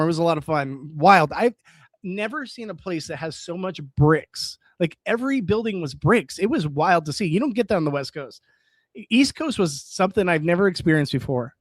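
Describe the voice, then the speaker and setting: A young man from California chatting casually on a live stream, reading viewer comments and reacting in an excitable way, laughing often. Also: sits high, no room sound, studio quality.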